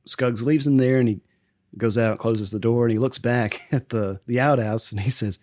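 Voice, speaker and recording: A man hosting a casual podcast and recapping a film, laughing often and acting out lines in quick voices. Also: medium pitch, a little mellow, dry recording, clean studio sound. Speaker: podcast host. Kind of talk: casual movie recap chat.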